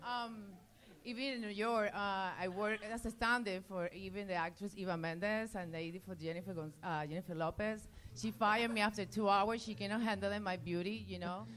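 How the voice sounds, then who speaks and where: A woman from Venezuela speaking halting, heavily accented English in a rambling, giggly stand-up set. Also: mid-range voice, fairly even intonation, a bit bright. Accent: Venezuelan Spanish. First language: Spanish. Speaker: open-mic comedian.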